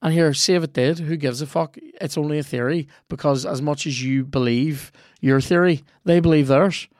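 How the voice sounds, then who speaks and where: A man's voice: on the high side, normal speed, a little mellow, no room sound, clean studio sound. A man hosting a podcast, chatting casually and swearing as he rambles and reacts aloud to a video game he is playing. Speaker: podcast host.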